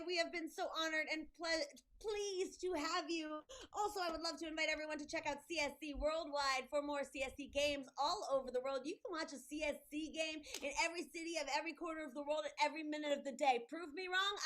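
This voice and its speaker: A woman refereeing and hosting an improv comedy game, bubbly and quick to laugh. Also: high-pitched, a bit bright.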